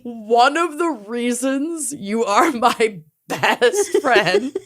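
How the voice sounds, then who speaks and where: A woman's voice: fairly high pitch, expressive, very slow. A woman co-hosting a casual podcast chat, joking around and laughing often. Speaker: podcast co-host.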